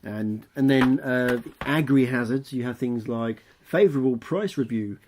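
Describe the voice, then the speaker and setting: A man co-hosting a casual vlog, agreeable and quick with affirmations. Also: medium pitch, a little mellow, slight background noise. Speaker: vlog co-host. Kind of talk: casual chat.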